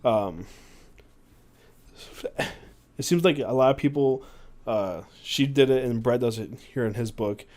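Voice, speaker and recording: A man hosts a podcast at an ordinary middle pitch. He reads long passages from books aloud, then drifts into relaxed asides full of ums and uhs. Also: normal speed. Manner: reads passages aloud, doing the quoted voices, with fillers and asides. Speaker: podcast host.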